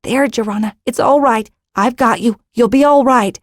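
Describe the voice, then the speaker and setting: A woman voicing a caring female healer who speaks gently and soothingly. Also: high-pitched, a little fast, no echo, studio quality, voice pushed up, close to an everyday voice.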